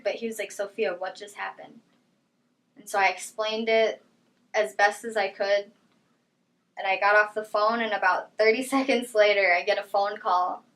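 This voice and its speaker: A young woman giving personal testimony in an interview, telling her story in a quiet, halting way that trails off softly. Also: mid-range voice, low-quality recording.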